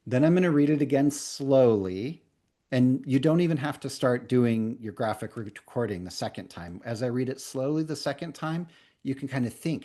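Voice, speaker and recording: A man leading a live online coaching workshop, talking casually and playfully, then reading a definition slowly for note-taking. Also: mid-range voice, warm tone. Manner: conversational, playful, reads slowly for dictation. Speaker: coaching trainer.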